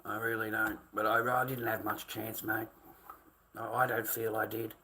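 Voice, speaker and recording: A man's voice: on the low side, little pitch movement, moderate pace, sharp tone, slight background noise. Swearing Australian man ranting on stream. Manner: profane, swearing constantly, addresses viewers as mate and boys. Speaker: livestreamer. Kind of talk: livestream rant to chat.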